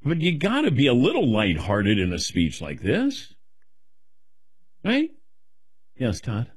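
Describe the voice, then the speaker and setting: Animated husky middle-aged man. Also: medium pitch, slow pace, no echo. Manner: self-deprecating, rambling, animated. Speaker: guest taking questions. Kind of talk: casual rambling chat.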